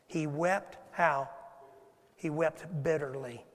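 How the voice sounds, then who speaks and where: A man preaches a sermon in a church, his voice high for a man and ringing with a long hall reverb. He asks the congregation question after question and moves between loud emphasis and quiet, hushed asides. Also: slow pace. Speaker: pastor. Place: church sanctuary.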